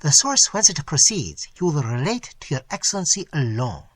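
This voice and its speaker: A man voicing an anxious, deferential servant who speaks in a hushed way. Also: a little high, very animated, moderate pace, husky, dry recording. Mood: urgent.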